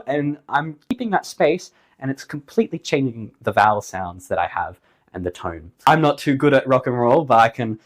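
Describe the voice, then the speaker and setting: A man giving a singing lesson to camera, upbeat and jokey, his voice slightly hoarse after the flu. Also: mid-range voice, expressive, a little fast. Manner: upbeat, jokey, emphatic on key points. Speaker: singing teacher.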